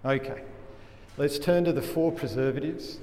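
A man preaching a sermon as a pastor, earnest and emphatic, often dropping his voice low for weight. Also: moderate pace, a little mellow. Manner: earnest, emphatic preaching with dramatic drops in volume. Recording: echoey hall with faint room noise.

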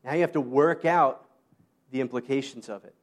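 A man preaching a sermon in a relaxed, conversational way, with joking asides and short laughs. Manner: conversational, self-deprecating asides and quick laughs; rises high when quoting Paul. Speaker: pastor.

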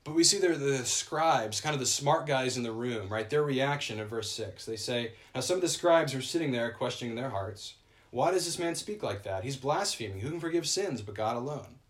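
A man's voice: mid-range voice, animated, moderate pace. A man preaching a sermon to a congregation in a conversational style, often checking in with "right?". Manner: conversational, keeps asking "right?".

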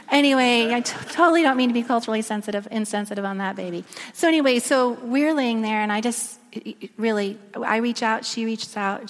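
A woman giving a sermon, telling a story and dropping to a soft near-whisper at emotional moments. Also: a little high. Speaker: speaker. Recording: echoey long reverb of a large room.

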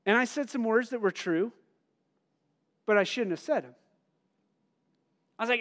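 A middle-aged man preaching a conversational sermon, asking the congregation questions and telling personal stories with bursts of loud emphasis. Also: very high-pitched, moderate pace. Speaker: pastor.

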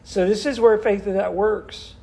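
High-voiced man leading a Bible study. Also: fairly even intonation, moderate pace, vocal fry, warm tone, slight background noise. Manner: asks the group questions, repeats answers back. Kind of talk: interactive Bible study teaching.

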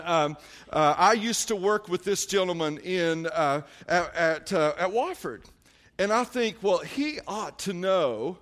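A man's voice: high-pitched, a bit bright. A middle-aged man, preaching a sermon, telling a story conversationally with fillers and restarts before building to emphatic exhortation. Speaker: pastor.

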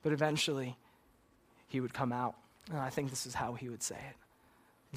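A man's voice: medium pitch, fairly even intonation, normal speed, breathy edge. A man preaching a sermon and leading a closing prayer, earnest and direct, often checking in with "right?". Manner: earnest, repeats "God" and "Lord" in prayer; asks "right?" of the listeners.

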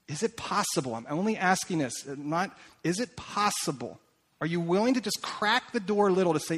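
A middle-aged man preaching as a pastor, asking questions again and again, shifting between emphatic and hushed. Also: high voice, animated, a little fast. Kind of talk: sermon.

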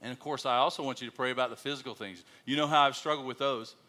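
A man's voice: mid-range voice, quick pace. A middle-aged American man, a missionary, telling stories to a church congregation. He acts out the quoted lines in a joking voice. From United States. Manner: animated storyteller, acting out quotes with a jokey voice. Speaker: missionary speaker.

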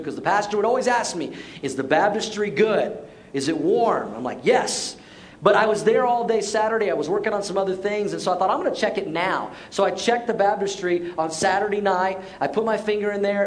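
A middle-aged male pastor preaching a sermon, telling a personal story and slowing down for emphasis. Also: on the high side, slight background noise. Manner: storytelling, acts out quotes, shifts to slow emphatic lines. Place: church auditorium.

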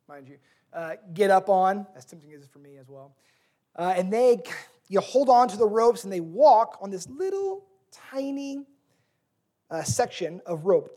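A man's voice: sits high, a little mellow. Guy pastor in his 30s preaching, earnest, lots of ups and downs in emphasis. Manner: earnest storytelling with varied emphasis. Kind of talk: sermon.

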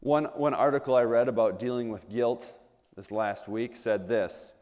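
Male preacher, mid-pitched voice, chatty sermon full of rhetorical questions, big hall echo. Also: steady tone, moderate pace, darkish tone. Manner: conversational, asks the audience rhetorical questions, repeats words when restarting.

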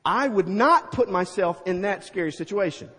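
Middle-aged male preacher, high husky voice, lively storyteller, echoing hall. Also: normal speed. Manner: animated, acts out scenes with sound effects. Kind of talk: storytelling sermon.

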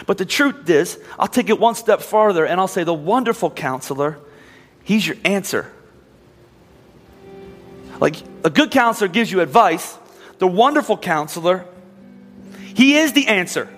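A man preaching a sermon as pastor, telling a story with rising emphasis. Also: sits high. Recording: reverberant hall with soft music.

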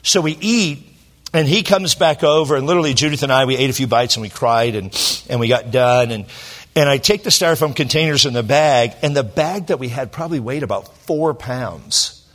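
A middle-aged man from Southern California, a pastor telling a personal story in a sermon, emotional and halting with many restarts. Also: medium pitch, a bit bright.

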